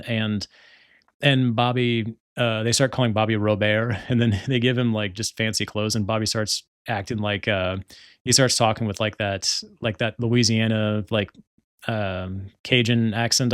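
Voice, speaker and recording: A man's voice: on the low side, dry recording, studio quality. A young man hosting a solo podcast, chatting casually and rambling with lots of filler words. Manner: rambling, many filler words, frequent laughter. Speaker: podcast host.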